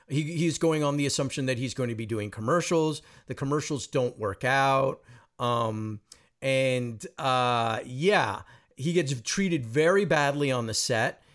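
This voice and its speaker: A male podcast host of middling pitch talks through a movie in loose, casual chat. He wanders from point to point and pokes fun at himself as he goes. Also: takes it slowly, a bit bright. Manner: rambling and self-deprecating.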